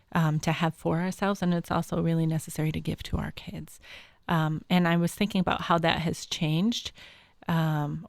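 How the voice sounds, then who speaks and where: A woman's voice: deep voice, creaky, a little mellow, no echo, clean studio sound. A woman in her forties hosting a conversational radio talk show, friendly and easygoing, with frequent ums. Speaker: host.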